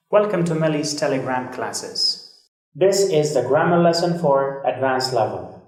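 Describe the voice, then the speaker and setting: Slow-spoken man teaching in an echoey room. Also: a little high, a little mellow. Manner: slow, deliberate explaining with repetition and examples. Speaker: English teacher. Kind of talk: grammar lesson. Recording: very echoey room, voice far from mic.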